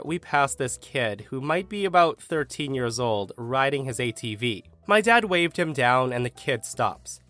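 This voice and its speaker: A man narrates a story with a lively, swinging pitch and dry, sarcastic asides. His voice sits mid-range for a man. Soft music plays faintly underneath. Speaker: narrator reading online stories.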